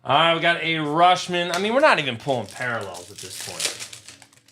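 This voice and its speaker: A man's voice: medium pitch, expressive, normal speed, bright, forceful tone, slight background noise. A young man hosting a live trading card break, talking to his chat, frustrated and swearing often. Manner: profane, frustrated, talks to chat.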